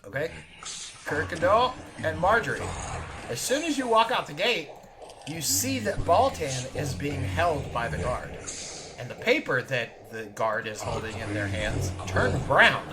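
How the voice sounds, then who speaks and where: Game master, man, casual and chuckling, a bit high-pitched. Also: very animated, a little slow, background noise. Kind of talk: narrating a tabletop game.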